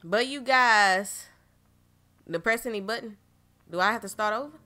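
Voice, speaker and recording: A woman narrates her own horror game run into a desk microphone, jumpy and full of exclamations. Her tone is bright and sharp, and she keeps turning to address her viewers directly. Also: medium pitch, normal speed. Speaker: gaming channel host. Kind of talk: horror game let's play commentary.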